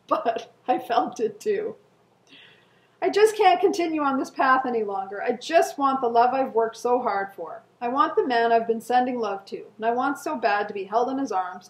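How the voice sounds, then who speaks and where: Middle-aged woman, somewhat high voice, earnestly reading her old journal entries aloud in an echoey room. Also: normal speed. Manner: earnest and emotional, with soft laughs and sighs. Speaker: co-host.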